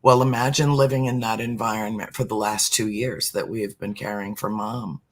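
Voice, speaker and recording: This is a middle-aged man in an earnest spiritual conversation, his lowish voice moving with fairly even intonation. He speaks slowly and with intention, occasionally falling to a near-whisper to emphasize a point.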